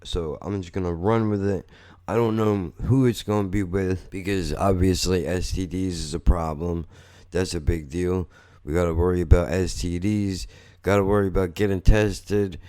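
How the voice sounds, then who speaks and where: Male podcast host, low-ish voice; rambling, blunt, profane monologue. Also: steady tone, normal speed, warm tone, clean tone. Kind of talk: casual storytelling monologue.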